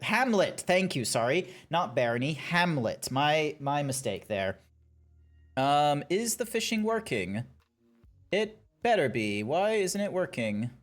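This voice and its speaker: A man chatting casually on a game stream, telling a rambling story full of restarts and self-corrections. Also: fairly high pitch. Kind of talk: casual gaming stream chat.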